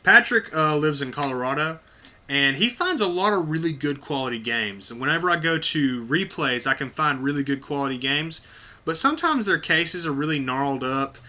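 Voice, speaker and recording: Sharp-voiced man swearing casually. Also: a little high, lively intonation, normal speed. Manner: blunt, profane, enthusiastic. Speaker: video host. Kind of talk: casual unboxing vlog.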